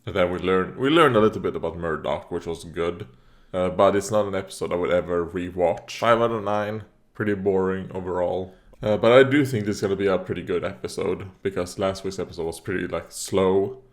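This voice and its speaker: A man with a lowish voice rambles through a casual reaction video. He fills his talk with "uh" and "like", coughs here and there, and tosses remarks straight at the screen. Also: brisk. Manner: rambling, talks back at the screen; frequent fillers and coughs. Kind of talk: casual commentary while watching.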